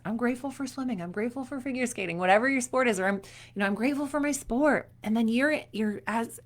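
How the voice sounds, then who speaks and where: Speaking to a group of young athletes, a woman in her thirties who works as a performance coach delivers a cheerful, conversational pep talk at medium pitch, performing short quotes along the way.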